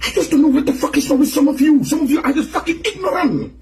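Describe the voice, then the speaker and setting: A man's voice: extremely high pitch, expressive, fast talker, darkish tone, a little hiss or hum. A man delivering an angry, profane, repetitive rant to his online audience. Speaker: online commentator.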